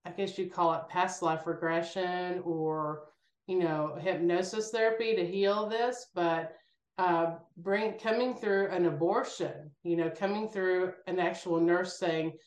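A woman sits for an interview and tells her stories with animated energy, slipping into the voices of the people she quotes. Her voice sits on the low side, and the room gives it a noticeable echo. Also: unhurried. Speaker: guest. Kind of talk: casual spiritual interview talk.

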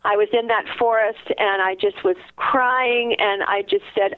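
A woman's voice: mid-range voice, steady tone, measured pace, clean tone. A woman guest reading her poems aloud with heartfelt, emotional delivery and chatting about them. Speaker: guest poet. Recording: tinny phone line.

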